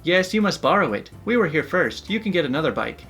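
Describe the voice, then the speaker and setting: A man's voice: on the high side, very animated, fast, fairly bright tone, soft background music, voice pushed up. A man voicing a pushy, entitled middle-aged mother in a whiny, insistent raised voice. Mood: demanding.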